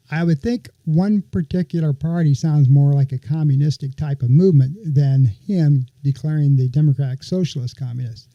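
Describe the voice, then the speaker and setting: A man's voice: fairly high pitch, normal speed, hardly any pauses, dry recording, highs cut off. A man hosting a political podcast, talking his listeners through a topic in a conversational, sarcastic way. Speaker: podcast host. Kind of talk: political commentary.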